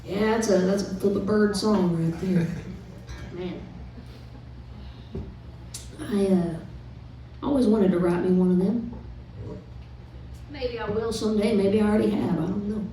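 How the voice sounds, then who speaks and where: A woman's voice: mid-range voice, unhurried, long pauses, slight background noise. Chatty woman telling stories on stage. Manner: chatty, relaxed storytelling with fillers. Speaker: singer-songwriter performing live. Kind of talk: casual stage banter between songs. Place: live music club stage. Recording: very echoey live room from a distant mic.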